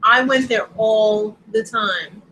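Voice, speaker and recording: A woman's voice: a little high, pushed and bright, slight background noise, low-quality recording. Chatty middle-aged woman host. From Long Island, New York. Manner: chatty, quick asides, reads viewer comments aloud. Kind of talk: casual live-stream chat.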